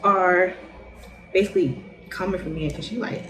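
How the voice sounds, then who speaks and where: A young adult woman recapping a TV episode in a casual, slangy way, laughing often and animated. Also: on the low side, fairly quick, noisy background. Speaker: vlogger reviewing a TV show.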